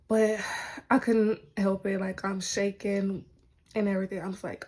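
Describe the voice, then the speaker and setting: A woman vlogger talking straight to her viewers in relaxed storytelling mode. Her speech is loose and chatty, full of "like" and "y'all". Her voice sits at a middle pitch. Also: moderate pace. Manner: chatty, heavy use of "like" and "y'all". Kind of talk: casual storytelling to camera.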